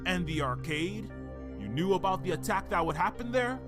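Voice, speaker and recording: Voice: mid-range voice, animated, moderate pace, music in the background, lightly acted. A player voicing a betrayed male detective who accuses and confronts the person who deceived him. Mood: indignant. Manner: accusing, indignant.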